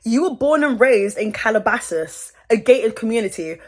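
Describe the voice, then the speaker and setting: A British commentary YouTuber chats with plenty of sass while getting ready in her bedroom, laughing a lot and dropping slang. Her voice is on the high side and she talks at a moderate pace.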